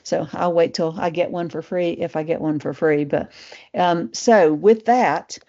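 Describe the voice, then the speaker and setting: A woman's voice: fairly low pitch, steady tone, unhurried, a little mellow. A middle-aged woman with a Southern Appalachian accent, presenting a casual live webinar in a chatty way, full of fillers and restarts. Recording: muffled lo-fi webinar audio.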